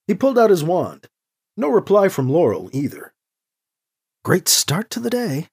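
A narrator reading a novel aloud in an expressive storytelling manner. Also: mid-range voice, measured pace, pauses often, slightly rough. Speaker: audiobook narrator. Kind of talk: scripted narration.

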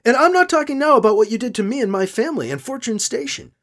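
A woman's voice: animated, quick pace. Narrator doing an unhinged accusing woman. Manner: accusing, shrill and quavering. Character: unhinged bitter woman confronting a man.

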